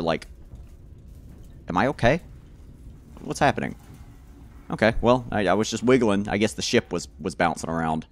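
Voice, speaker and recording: A man giving let's play commentary on a horror game, rambling to himself with stammered restarts and sudden loud excited outbursts. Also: on the low side. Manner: rambling nervous self-talk, repeated stammered restarts. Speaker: gamer playing a horror game.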